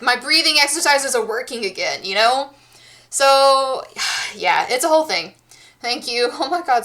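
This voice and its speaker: Bright-voiced woman rambling to viewers. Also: fairly high pitch. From United States. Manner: rambling, many restarts and fillers. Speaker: streamer. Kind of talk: casual chat with viewers.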